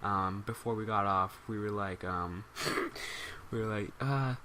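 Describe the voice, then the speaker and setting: A man's voice: lowish voice, unhurried, sharp tone, a little hiss or hum. A man telling a rambling, amused story as casual commentary for his gaming channel. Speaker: gaming YouTuber.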